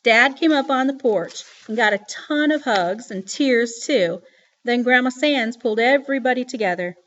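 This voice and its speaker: A woman reading a novel aloud as audiobook narration, with lively storytelling. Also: on the high side, dull audio.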